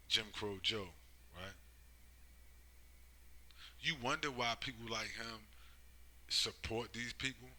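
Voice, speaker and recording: A man's voice: lowish voice, bright, forceful tone, poor audio. A man giving a rambling, profane monologue, driving his points home with constant tag questions. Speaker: commentator. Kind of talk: casual monologue.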